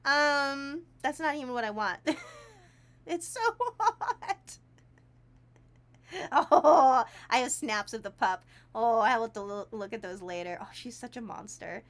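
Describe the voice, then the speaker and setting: A woman with a high, bright voice chats casually on a livestream from a small room at home. She laughs often and thanks her viewers warmly and at length. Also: animated, unhurried, long pauses. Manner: chatty, giggly and effusively grateful. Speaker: streamer. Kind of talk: casual livestream chat while crafting. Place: tiny warm room at home.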